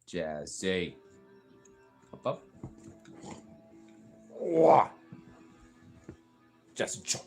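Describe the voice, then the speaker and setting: A man with a fairly low voice in loose, profane, rambling chat, stumbling over restarts. He talks to his pets in a high, goofy baby voice. Faint music sits behind him. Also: a little slow, long pauses. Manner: high playful baby talk when addressing his pets.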